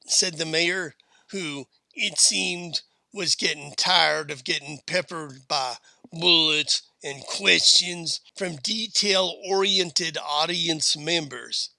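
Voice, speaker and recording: Slow, gravelly male storyteller. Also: fairly high pitch, pushed and bright, no echo. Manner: unhurried, folksy western storytelling. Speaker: narrator. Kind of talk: storybook reading.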